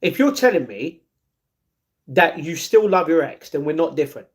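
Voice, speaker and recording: A man's voice: on the high side, very animated, normal speed, slight background noise. A man, livestreaming and answering chat in a downcast, blunt way. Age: 40s. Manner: downcast, blunt, reads chat messages aloud and answers them.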